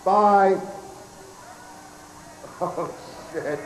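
Hoarse guy cracking crude jokes as festival emcee, kinda high voice, echoey pa outdoors. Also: very slow, darkish tone, slight background noise. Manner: brash, profane, joking. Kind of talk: stage banter.

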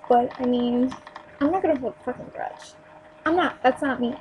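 A woman's voice: high-pitched, normal speed, highs cut off. A young woman from New Jersey venting bluntly into her webcam at home, emphatic and swearing freely. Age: young adult. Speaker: store clerk venting on a vlog. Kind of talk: casual webcam rant. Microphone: built-in webcam mic. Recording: noisy webcam recording.

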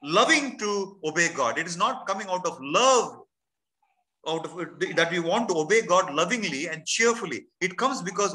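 A man's voice: high-pitched, animated, moderate pace, sharp tone, poor audio. A man preaching a sermon in church, earnest and emphatic, piling up lists and speaking out heartfelt prayers.

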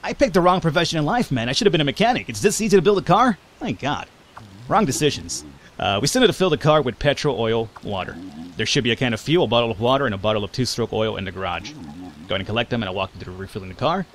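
A man's voice: medium pitch, lively intonation, quick pace, slight background noise. A man hosting a let's play, talking through a game with sarcastic jokes and casual swearing. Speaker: gaming channel host.

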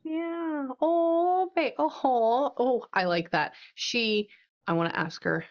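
A woman psychic medium in a casual one-on-one reading, chatty and animated as she retells what she hears. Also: high-pitched, slow, highs cut off.

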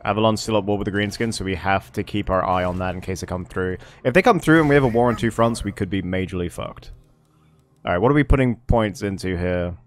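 A gameplay streamer with a lowish voice and quick pace gives casual let's-play commentary on a strategy game. He thinks aloud as he plays and swears under his breath.

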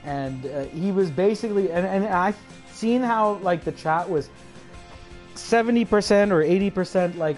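A man's voice: sits high, normal speed, darkish tone, soft background music. A man ranting aggressively on a livestream, swearing constantly, taunting, and mumbling asides. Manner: breaks into chuckles, mumbles asides. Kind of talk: profane livestream rant.

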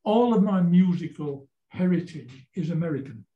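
A man's voice: a little high, lively intonation, normal speed, roomy sound, highs cut off. A man in his seventies with a Yorkshire accent, a folk singer being interviewed, telling rambling anecdotes and often repeating words as he goes. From Yorkshire, England. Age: 70s. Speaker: guest folk singer-songwriter. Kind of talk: casual interview storytelling.

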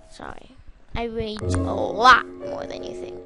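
Excitable high-voiced woman gamer. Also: unhurried, loud music behind the voice. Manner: excitable, rambling, bursts into loud shrieks. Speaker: gaming YouTuber. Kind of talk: casual gameplay commentary.

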